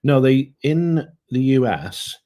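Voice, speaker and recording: A man's voice: medium pitch, animated, slow, mellow. A man co-hosting a casual travel live stream, adding dry, teasing remarks. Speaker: co-host of a travel channel live Q&A.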